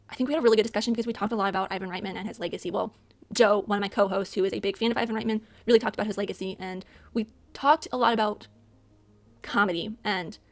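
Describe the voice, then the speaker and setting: A woman hosting a movie channel, chatting casually through a monthly recap of what she watched, rambling and correcting herself as she goes. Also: on the high side. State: out of breath. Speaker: movie channel host and podcaster. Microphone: voice-over, no camera.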